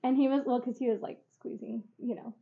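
A woman's voice: a little high, steady tone, brisk, vocal fry, dark tone. Giggly rambling young woman. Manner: giggly, rambling, lots of fillers. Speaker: podcast co-host. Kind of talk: casual chat. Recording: dull lo-fi sound.

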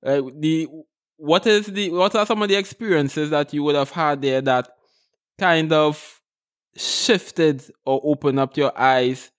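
A man hosting a podcast, asking relaxed questions in a casual interview and restarting them as he goes. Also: fairly high pitch, unhurried, clear, resonant tone. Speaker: podcast host.

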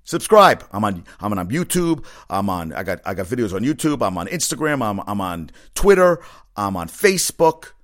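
Profane rambling sports-podcast man, lowish voice. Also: big pitch swings, normal speed. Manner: rambling, profane, riled-up ranting. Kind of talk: casual sports talk monologue.

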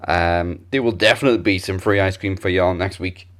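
A man's voice: low voice, fairly even intonation, a little fast, fairly bright tone. A man hosting a podcast, steadily reading out announcements and sign-offs. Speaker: podcast host.

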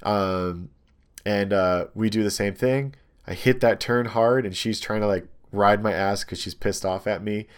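Casual storyteller: young guy, lowish voice, animated and rambling with lots of filler words. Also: a little slow, clean tone. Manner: rambling, animated storytelling with many ums and likes. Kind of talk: casual chat, telling a story.

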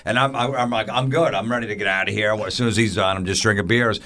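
A man's voice: fairly low pitch, steady tone, fast talker, pushed and bright. A man in casual podcast banter, telling a crude story in a laid-back way. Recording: noisy recording.

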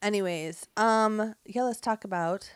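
A woman's voice: mid-range voice, unhurried, smooth, no echo. A woman co-hosting a podcast, talking casually and bluntly, laughing often and swearing in fun. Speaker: podcast co-host. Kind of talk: casual chat.

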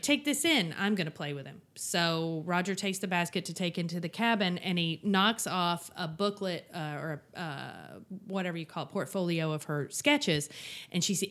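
A woman co-hosting a podcast, retelling a TV episode in casual chat, animated and quick to swear. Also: on the low side. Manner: animated storyteller, swears freely, mimics characters' lines. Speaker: podcast co-host.

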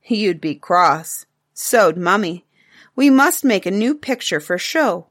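A woman's voice: mid-range voice, animated, takes it slowly, no echo, clean studio sound. A woman voicing an eager, chattering little cave girl in a storybook reading.

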